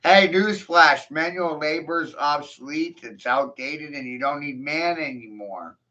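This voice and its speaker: A man's voice: fairly high pitch, measured pace, pushed and bright. A man in a profane, mocking rant, taunting his listeners and breaking into scornful laughs. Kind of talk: ranting monologue. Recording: dull lo-fi recording.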